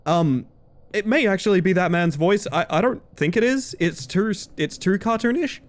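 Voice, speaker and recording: A man's voice: high-pitched, brisk. A man chatting casually with his viewers while he streams a game, rambling and laughing easily. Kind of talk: casual gaming-stream chat.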